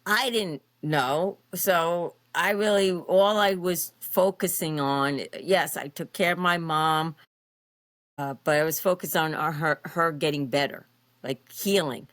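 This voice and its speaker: A woman in her fifties, a podcast guest, telling her personal story in an expressive, animated way with frequent fillers. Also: sits low, measured pace, no room sound.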